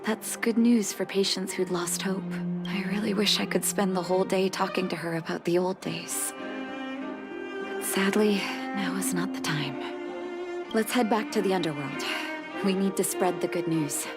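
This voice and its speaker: A woman's voice: medium pitch, steady tone, moderate pace, lightly acted. An actress voicing an earnest, caring young woman who is a doctor in a video game. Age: young adult. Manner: earnest and heartfelt. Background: game soundtrack music.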